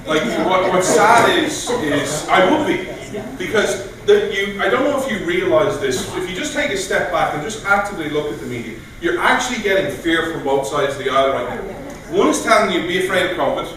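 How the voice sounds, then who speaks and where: Man giving an animated speech in an echoey room. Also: high-pitched, a little fast, hardly any pauses, recorded from a distance. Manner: animated, storytelling with mock voices. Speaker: guest speaker. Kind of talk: speech at a political meeting. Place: meeting room.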